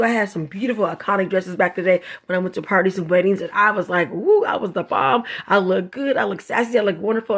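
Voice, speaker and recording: A woman's voice: medium pitch, creaky, slightly rough. A woman hosting a casual craft vlog, reviewing a coloring book in a chatty, effusive, sassy way and laughing often. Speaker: craft channel host.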